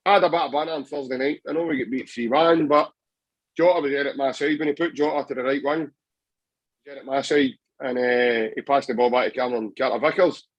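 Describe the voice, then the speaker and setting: A man's voice: mid-range voice, steady tone, fast talker, no echo, muffled recording. A Scottish man chatting passionately about football on a podcast, rambling with many restarts. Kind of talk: casual football chat.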